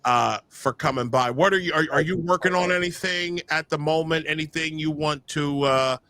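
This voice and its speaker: A man co-hosting a podcast in casual, animated chat, joking and often restarting his sentences. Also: a little high, normal speed, no room sound. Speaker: podcast co-host.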